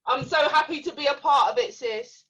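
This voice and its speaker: A British woman guest, warm and effusive, speaking over a video call. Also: high voice, a little fast, distant mic, poor audio. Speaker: podcast guest.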